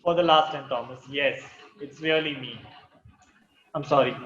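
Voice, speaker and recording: A man's voice: mid-range voice, moderate pace, bright, forceful tone, echoey room, lo-fi sound, close to an everyday voice. An actor playing a weary, desperate male prophet in an audio drama, strained and urgent.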